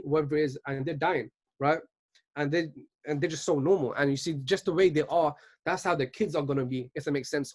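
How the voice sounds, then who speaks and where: A man in his twenties giving an earnest motivational talk at a virtual business event, often checking in with "right?". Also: fairly high pitch. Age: 20s. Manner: earnest, keeps asking "right?".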